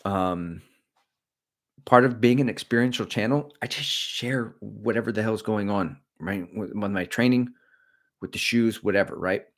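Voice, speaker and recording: A middle-aged man with a deep, low voice hosts a running livestream. He talks candidly and rambles, cracking jokes as he moves from one thing to the next. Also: unhurried. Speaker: running channel host. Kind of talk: casual livestream chat.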